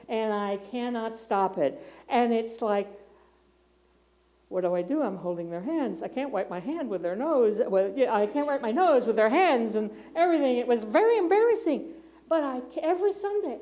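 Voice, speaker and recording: A woman's voice: fairly high pitch, dark tone, rough recording. A middle-aged woman giving a conversational sermon in a church, candid and personal, with frequent fillers and restarts. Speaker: church speaker. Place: church sanctuary.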